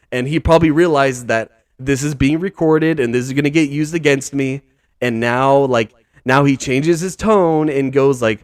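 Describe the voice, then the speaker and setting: A man hosting a podcast talks in a loose, rambling way, stacking filler words and slang. He sounds incredulous and exasperated, and his voice sits mid-range in pitch. The recording is close and dry, with no room sound. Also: expressive, moderate pace, no echo. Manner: rambling, heavy use of "like", "dude" and "bro". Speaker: podcast host. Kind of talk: casual podcast commentary.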